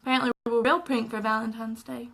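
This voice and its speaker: Chatty woman with a bright, creaky voice. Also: on the high side, flat delivery, fast talker, poor audio. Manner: chatty, earnest and emotional, talks while doing her makeup. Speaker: makeup vlogger. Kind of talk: casual makeup tutorial chat. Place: at home.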